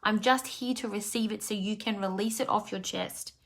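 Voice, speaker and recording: A woman's voice: medium pitch, steady tone, normal speed, a bit bright. Heartfelt, rambling woman life coach. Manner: heartfelt, rambling, with many fillers and restarts. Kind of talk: emotional live talk to followers.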